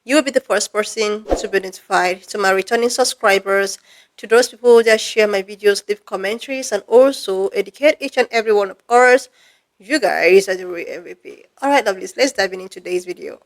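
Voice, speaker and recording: A woman's voice: medium pitch, fairly quick, low-quality recording. Upbeat woman hosting a channel. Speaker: channel host. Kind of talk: scripted channel intro.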